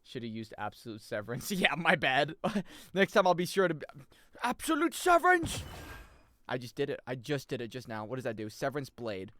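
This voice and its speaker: A young man streaming a video game, chatting casually, muttering over menus and jumping into loud, high yelps. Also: brisk, dry recording. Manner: excitable, jumps into loud high yelps and laughs; mutters menu options to himself. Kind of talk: casual gameplay commentary.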